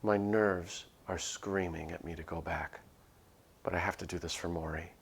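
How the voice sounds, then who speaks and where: A man reads a spooky visual novel aloud on stream, voicing the narrator in first person. His delivery is nervous and earnest, with small slips he corrects. His voice is very deep and gravelly. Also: fairly even intonation, moderate pace, a little hiss or hum. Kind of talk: dramatic first-person reading of a game script.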